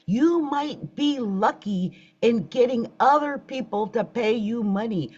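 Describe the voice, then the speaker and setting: Her voice is fairly high and husky with a darkish tone, expressive and slow as she hosts a laid-back astrology livestream. Talking straight to viewers in a chatty way, she gets rattled by technical problems, all captured in dull lo-fi sound.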